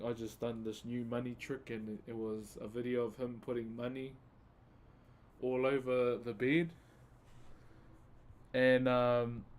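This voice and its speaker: A man's voice: medium pitch, darkish tone. A laid-back man from New Zealand with a New Zealand accent, chatting casually with his live-stream viewers while he carves wood and calling them bro.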